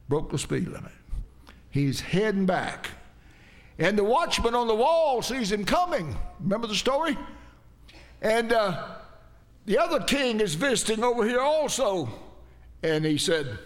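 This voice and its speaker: A male preacher retells scripture as a lively, folksy story. His voice runs high, and he leans into dramatic moments while tossing asides to the listeners. The delivery is conversational and vivid, like a sermon told around a kitchen table.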